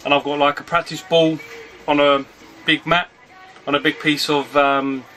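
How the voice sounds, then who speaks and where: A man's voice: fairly high pitch, level tone, normal speed, bright, forceful tone. A man talking casually and rambling in a home video outdoors on a sunny afternoon. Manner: rambling, chatty, often breaks off to call his dog. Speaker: retro game collector vlogger. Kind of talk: casual vlog chat.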